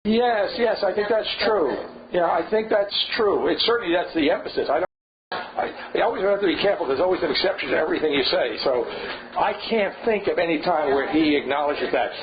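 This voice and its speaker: A man's voice: high voice, a little fast. An older man leading a seminar on scripture, thinking aloud with frequent restarts and asides. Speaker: seminar leader. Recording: dull lo-fi recording with faint hiss.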